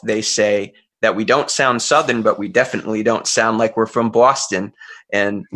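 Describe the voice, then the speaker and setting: A man's voice: lowish voice, vocal fry, pushed and bright. A middle-aged man from Central Massachusetts, a folk singer talking earnestly and openly in an interview, thinking aloud and laughing easily. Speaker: folk singer and musician guest. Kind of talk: relaxed reflective interview talk.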